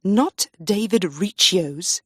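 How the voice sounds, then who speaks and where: A woman reading the lines of a sneering young husband and weak king, low, quiet and mocking. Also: expressive, takes it slowly, breathy edge, dry recording, clean studio sound, exaggerated voice.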